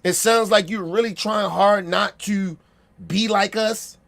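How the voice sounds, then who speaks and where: A man's voice: sits high, steady tone, a little slow, vocal fry, fairly bright tone. A man with a Baltimore accent giving a blunt, profane opinion rant, repeating himself and checking that listeners agree.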